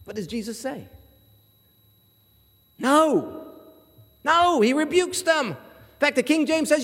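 Male pastor, very high voice, animated storyteller, live sermon in an echoing hall. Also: slow pace, pauses often. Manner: animated storytelling, acts out voices in his anecdotes.

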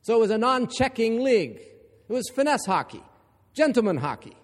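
A man from Ohio preaching a sermon, emphatic and building to forceful repeated lines. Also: extremely high pitch, big pitch swings, fairly quick, big-room sound.

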